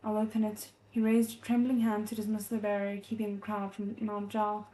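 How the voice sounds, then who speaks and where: A woman reading a novel aloud as a readalong host, soft and measured, breaking off to react with feeling. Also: mid-range voice, flat delivery. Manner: emotionally invested, breaks off to react.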